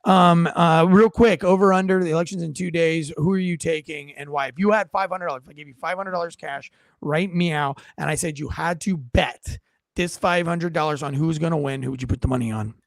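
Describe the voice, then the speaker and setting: A man's voice: fairly high pitch, fairly quick, gravelly, dry recording, studio quality. A man hosting a casual political podcast, ranting and swearing in a mocking way. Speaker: podcast host.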